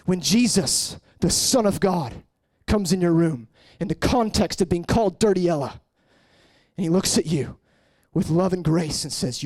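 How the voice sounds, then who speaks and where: A man in his late twenties preaching an emotional personal testimony, shifting between hushed murmurs and raised, intense passages. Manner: earnest, swinging from hushed murmurs to raised, high-pitched intensity.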